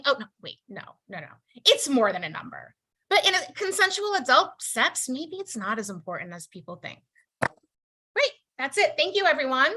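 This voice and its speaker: 30s lady doing standup on a video call, super lively, bright high-ish voice. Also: moderate pace, breathy edge. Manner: animated, jumps into exaggerated quoted voices. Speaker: stand-up comedian.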